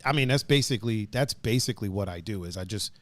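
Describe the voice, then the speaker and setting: A man's voice: fairly low pitch, animated, quick pace, fairly bright tone, no echo. A man from hosting a casual chat, laid-back, swearing and laughing often. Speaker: host.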